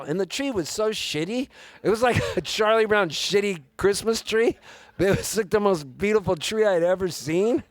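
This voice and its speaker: A man telling an animated, self-mocking story between songs, live on stage in a music club. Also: fairly high pitch, a little fast, no room sound. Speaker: singer-songwriter on stage. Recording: live club mic with guitar. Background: guitar playing.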